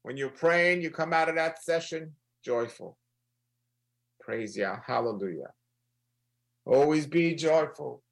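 Earnest gravelly man leading prayer. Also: on the high side, poor audio. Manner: earnest, repeats phrases, slows for emphasis. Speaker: prayer leader. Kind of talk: sermon-style prayer broadcast.

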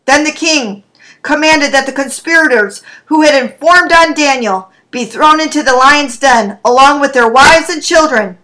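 A woman preacher reading scripture aloud and praying in a sermon, slow and deliberate. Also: high-pitched, bright, forceful tone, low-quality recording.

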